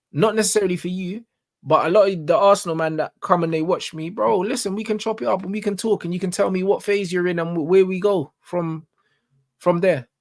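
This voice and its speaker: A man with a London accent ranting about football in casual chat, emphatic and repeating himself. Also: high voice. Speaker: football pundit.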